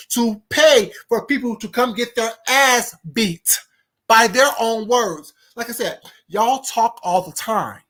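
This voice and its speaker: A woman's voice: a little high, fairly bright tone. A woman hosting a live stream, indignantly firing rhetorical questions at her viewers and a caller. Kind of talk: heated live-stream rant.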